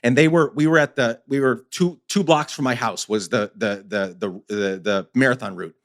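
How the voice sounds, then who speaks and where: A man hosting a podcast speaks at a mid pitch. He talks with passion and urgency, and his emphatic delivery keeps rising toward loud insistence. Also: moderate pace. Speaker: podcast host. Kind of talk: casual conversation.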